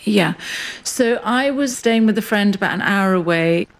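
A middle-aged woman, a farmer and writer, recalling events slowly and reflectively in a radio interview, recorded outdoors on a hill farm. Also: mid-range voice. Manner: slow, reflective storytelling.

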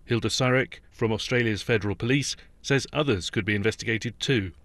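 A man reading a radio news bulletin in a measured, formal way. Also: fairly low pitch, a bit bright, dry recording. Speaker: newsreader. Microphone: studio microphone.

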